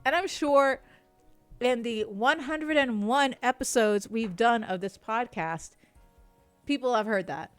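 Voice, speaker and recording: Woman podcast co-host, casual chat, higher voice, dry close mic, giggly, swears, trails off mid-thought. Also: measured pace, no echo, soft background music. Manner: laughs often, swears, trails off mid-sentence. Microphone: streaming mic.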